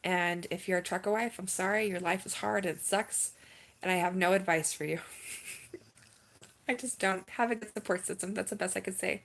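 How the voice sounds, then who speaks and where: A woman's voice: medium pitch, gravelly. Chatty young woman giving candid advice. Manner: candid, chatty, quick swings between earnest advice and excitement. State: emotional, near tears. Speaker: vlogger. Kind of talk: casual talk to camera.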